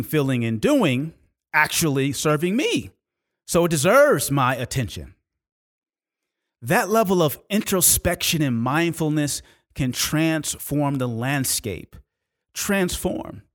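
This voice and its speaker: A man's voice: on the high side, very animated. Emphatic motivational man telling a story. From California, USA. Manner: emphatic, dramatic pauses, repeats key phrases. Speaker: podcast host.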